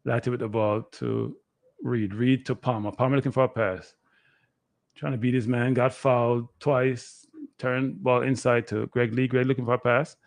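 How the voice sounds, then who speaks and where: Excitable man calling a match. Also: mid-range voice, moderate pace, vocal fry, no room sound. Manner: excitable, play-by-play that bursts into shouting. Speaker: guest analyst. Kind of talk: live watchalong match commentary.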